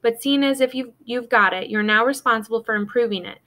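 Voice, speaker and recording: Brief: woman doing a cold, snapping old grandmother in a storybook reading, lowered voice. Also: a little fast, pushed and bright. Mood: cold scolding. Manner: snapping, scolding.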